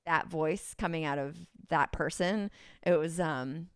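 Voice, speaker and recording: A woman's voice: low voice, unhurried, smooth, dry recording, clean studio sound. A woman with a Californian accent, a podcast guest who rambles and giggles through casual chat, full of ums. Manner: rambling, giggly, many fillers.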